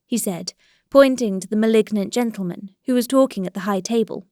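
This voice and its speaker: A woman narrating a classic novel as an audiobook in a steady, even storytelling voice. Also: mid-range voice, a little fast, no echo, studio quality. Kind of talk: scripted narration.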